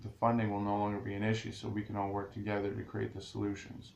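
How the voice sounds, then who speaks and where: Gravelly-voiced man rambling to viewers. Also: fairly low pitch, completely flat delivery, quick pace, darkish tone. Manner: rambling, restarts often, talks straight to viewers. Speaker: vlogger. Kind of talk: casual rambling monologue to viewers. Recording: echoey room with faint ambient noise.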